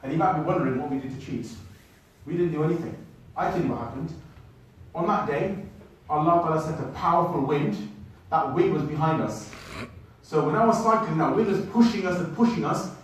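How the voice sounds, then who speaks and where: Animated male storyteller in an echoey hall. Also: fairly high pitch, slight background noise. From United Kingdom. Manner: animated, addresses the audience directly. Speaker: speaker telling a travel story to an audience. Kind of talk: storytelling talk. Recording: echoey hall, mic at a distance.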